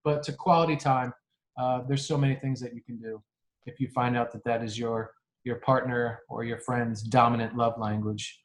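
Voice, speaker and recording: A podcast co-host talks earnestly in a casual chat, his mid-range voice fairly even in intonation and at a normal speed. He often restarts his sentences and laughs a lot.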